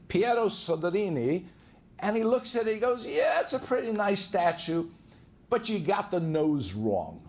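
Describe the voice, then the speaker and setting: A man giving a talk on handling conflict, earnest and anecdotal, who often repeats words and restarts. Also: high voice. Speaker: divorce lawyer giving a talk. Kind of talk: storytelling lecture.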